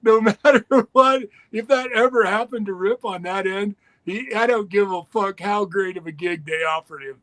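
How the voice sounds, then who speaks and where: A man's voice: high voice, normal speed, few pauses, fairly bright tone, no echo. An older man telling a crude, profane story with lots of laughter and acted-out voices. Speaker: guest storyteller.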